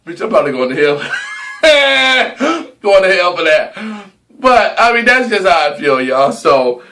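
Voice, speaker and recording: A man's voice: fairly high pitch, expressive, moderate pace, pushed and bright. A young man in a casual gossip vlog, sassy and dramatic, swearing freely and stretching words for emphasis. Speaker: vlogger.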